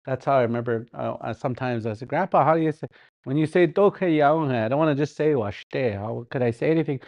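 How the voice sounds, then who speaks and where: A middle-aged man teaching a livestreamed language class, repeating words slowly, chanting song lines and laughing often. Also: medium pitch, a little mellow, dry recording, dull audio.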